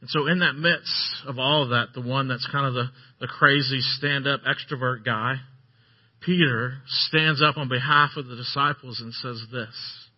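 A man's voice: medium pitch, fairly even intonation, moderate pace, slightly rough. A male pastor giving a sermon, earnest and emphatic, repeating phrases to drive points home. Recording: dull lo-fi sermon recording.

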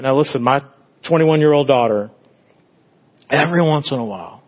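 A middle-aged man preaches in an easy, conversational way, like he's telling stories to friends. His voice sits at a middle pitch, jumping to loud, bright bursts and falling back to soft, tender lines. The recording sounds a little dull. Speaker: pastor. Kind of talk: sermon.

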